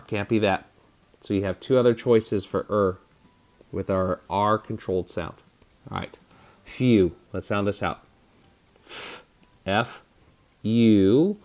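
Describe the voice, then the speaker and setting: A man teaching a phonics spelling lesson to children, sounding out words slowly and patiently and over-enunciating each syllable. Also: fairly low pitch, darkish tone.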